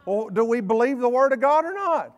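A man with a Southern US accent, a bishop preaching a sermon in a folksy, joking way with quick asides. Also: extremely high pitch, lively intonation, muffled recording. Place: church service.

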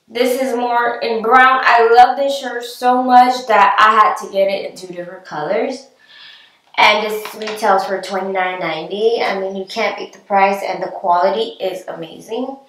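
A woman's voice: medium pitch, fairly bright tone, distant mic. A woman vlogger chatting casually through a clothing try-on haul, bubbly and talkative, laughing often. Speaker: fashion vlogger. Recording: echoey room, voice a bit off-mic.

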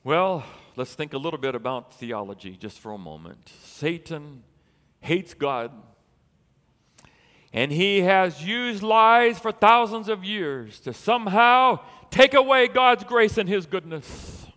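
A man preaching a sermon as a pastor, telling a story in an animated way and building to emphatic peaks. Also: sits high, takes it slowly, big-room sound.

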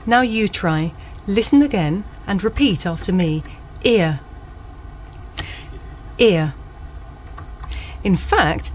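A woman leading a scripted pronunciation drill, speaking slowly and carefully. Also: mid-range voice, a little hiss or hum. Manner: slow, careful and clearly spoken. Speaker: pronunciation instructor in a played video.

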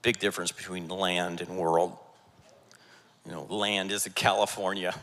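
A man preaching a sermon as pastor, energetic and jokey, rallying his congregation. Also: deep voice, normal speed. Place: church sanctuary. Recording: church hall reverb.

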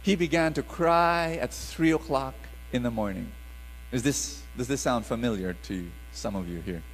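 A middle-aged man, preaching a sermon in an animated call-and-response style. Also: mid-range voice, normal speed, big-room sound, a little hiss or hum, poor audio.

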